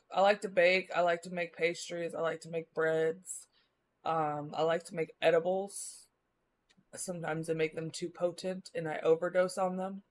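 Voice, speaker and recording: A woman from the Midwest, chatting casually with her live-stream viewers as she rambles along, using lots of filler words. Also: on the low side. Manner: rambling, many filler likes.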